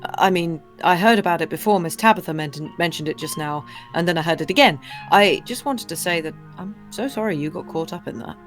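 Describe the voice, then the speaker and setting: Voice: mid-range voice, fairly quick, few pauses, a bit bright, faint music behind, close to an everyday voice. A streamer voicing a chatty, sympathetic small-town woman from a game, with a put-on accent and a sing-song delivery.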